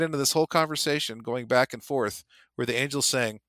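A man co-hosting a podcast, reading a passage aloud and discussing it in an animated way. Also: mid-range voice, brisk, no room sound, clean studio sound. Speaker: podcast co-host.

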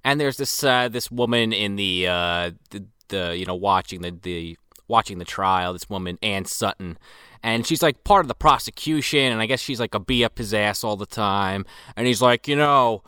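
A man's voice: on the low side, animated, moderate pace, bright, forceful tone, clean tone, dry recording, studio quality. A man in casual chat, mockingly retelling a film's scenes and quoting its characters. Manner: mocking, recounts scenes with quoted voices. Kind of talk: casual movie-riffing chat.

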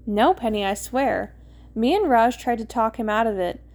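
A woman's voice: on the high side, animated, moderate pace, darkish tone. A woman voicing a nervous, defensive young man who rants anxiously in a story she reads aloud.

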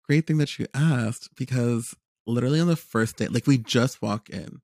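Animated young man telling a story. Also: medium pitch, normal speed, gravelly, no room sound, studio quality. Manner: animated storytelling, many fillers and repeated words. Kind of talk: casual chat.

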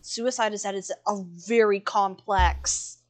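Woman, podcast co-host, casual chat, reads from notes, laughs easily, mid pitch. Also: steady tone, unhurried.

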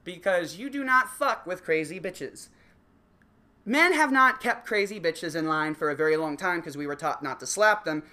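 A man rants in a crude comic monologue, cursing freely and dripping with sarcasm. His bright tone carries a lively, swinging pitch. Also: moderate pace. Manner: crude, sarcastic, swears constantly. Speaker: comedic ranter. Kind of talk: profane comedic monologue.

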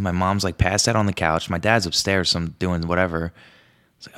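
Speaking briskly with a fairly bright tone into a podcast mic, a young host spins rambling comic stories in a casual monologue. He swears often, and his pitch leaps up when he repeats his own words.

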